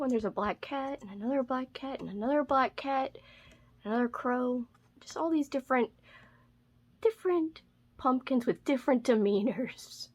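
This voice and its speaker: A woman book vlogger chatting casually through a haul video, bubbly and gushing over cute things with a self-mocking streak. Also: fairly high pitch.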